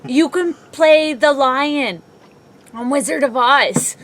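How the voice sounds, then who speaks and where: A woman with a high voice co-hosting a loose, unscripted chat. She giggles a lot and teases her partner in a light, playful way. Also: takes it slowly, a bit bright. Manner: giggly, teasing. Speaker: co-host.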